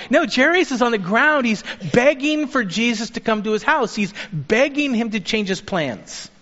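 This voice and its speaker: A man preaching a sermon as a pastor, earnest and urging, turning lively when he acts out the people he quotes. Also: very high-pitched, normal speed, few pauses. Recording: dull sound with long reverb of a hall.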